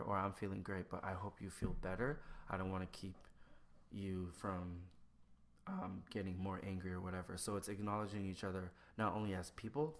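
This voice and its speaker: A man in casual conversation who acts out both sides of everyday exchanges with lively shifts in his voice. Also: sits low. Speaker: podcast guest. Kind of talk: casual chat.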